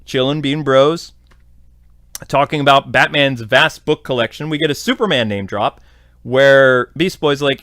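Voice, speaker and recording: A man's voice: mid-range voice, a little slow, a bit bright, no echo, clean studio sound. Rambling man recapping a show. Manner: rambling, filler-heavy. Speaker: podcast host. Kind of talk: casual episode recap.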